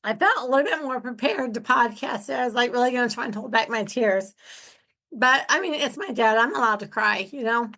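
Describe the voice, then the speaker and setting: A woman's voice: on the high side, a little fast, sharp tone. A woman hosting her own real estate investing podcast from home, talking in a candid, chatty and enthusiastic way. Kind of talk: casual solo podcast talk.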